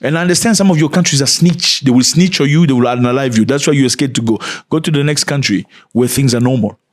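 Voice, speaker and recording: A man hosting an opinionated commentary channel, blunt and preachy, swinging between loud outbursts and low mutters. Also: quick pace.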